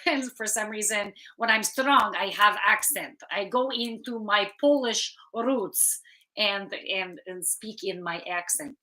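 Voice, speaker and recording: A woman's voice: mid-range voice, slow, bright, forceful tone, low-quality recording. A woman hosting a live oracle card reading, talking in a chatty, casual way and swearing offhandedly. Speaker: spiritual card reader and channeler.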